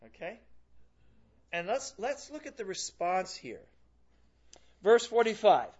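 A man's voice: high-pitched, expressive, moderate pace, darkish tone. A man teaching a Bible class, reading scripture aloud and acting out the quotes in a casual, joking way. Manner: conversational, acts out quotes with humor. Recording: dull lo-fi classroom recording.

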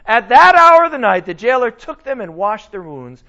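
A man teaching a Bible lesson in a casual, animated sermon style, often asking his listeners questions. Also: very high-pitched, normal speed, dull audio. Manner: animated, conversational, asks the audience questions.

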